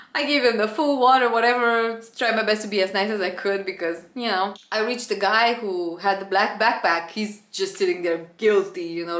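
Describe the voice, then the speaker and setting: A woman, a former flight attendant, animatedly telling a story to camera. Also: medium pitch. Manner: animated, dramatic retelling with acted-out quotes. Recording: roomy echo with faint background music.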